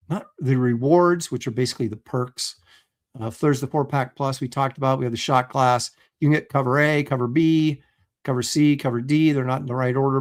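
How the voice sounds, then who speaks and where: A middle-aged man hosting a casual livestream, talking loosely with plenty of ums and uhs. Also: mid-range voice. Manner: chatty, loose, lots of fillers. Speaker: host.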